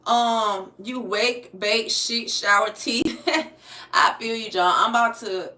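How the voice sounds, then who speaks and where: A woman's voice: on the high side, fairly even intonation, takes it slowly, bright, forceful tone, far from the mic. Chatty American woman live-streaming from home. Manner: loose and chatty, talking to chat viewers, swears freely. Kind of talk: casual live-stream chat. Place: home, moving about the room. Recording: roomy sound, voice off the mic.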